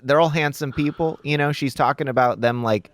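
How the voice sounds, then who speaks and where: A man co-hosting a podcast, relaxed and good-humored, talking through a TV episode. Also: mid-range voice, brisk, no echo, studio quality. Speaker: podcast co-host. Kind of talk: casual chat about a TV show.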